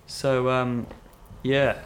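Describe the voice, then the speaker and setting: A young South African man, guesting on a podcast, tells rambling, self-mocking stories in casual conversation, packed with fillers. He speaks in a mid-range monotone, drawing out his words.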